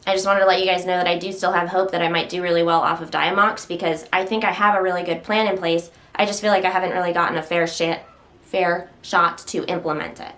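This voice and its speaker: A woman's voice: medium pitch, a bit bright. A woman casually chatting to the camera at home while standing, slightly out of breath, rambling and interrupting herself with occasional stutters. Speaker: health vlogger.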